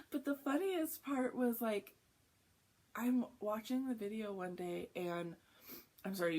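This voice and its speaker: A woman's voice: fairly low pitch, gravelly, a little mellow. Rambly chatty woman vlogger. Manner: rambling, lots of "like", quick asides. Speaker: flosstube vlogger. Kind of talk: casual chatty storytelling. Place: home, early morning.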